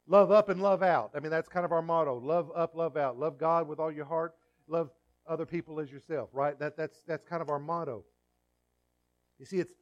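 A pastor preaching a sermon in church, swinging from quiet asides to loud, emphatic peaks. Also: male voice, fairly high pitch, lo-fi sound.

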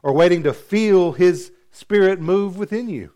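Male pastor, slightly high voice, lively storyteller preaching a sermon. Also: measured pace. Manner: animated storytelling, acting out characters.

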